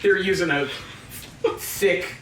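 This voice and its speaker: A man's voice: high-pitched, slow, fairly bright tone, reverberant, far from the mic, a little hiss or hum, poor audio. A man co-hosting a casual gameplay video, quipping dryly between his partner's stories. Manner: dry, brief interjections and quips. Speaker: co-host of gaming channel. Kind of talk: casual let's play banter.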